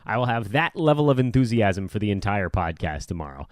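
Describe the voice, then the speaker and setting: A middle-aged man hosts a casual sports podcast, his pitch rising and falling in a lively way as he rambles along. He pokes fun at himself, and his voice sits close and dry with no room sound. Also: fairly quick, hardly any pauses, no room sound. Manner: lively, rambling, self-deprecating. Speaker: podcast host.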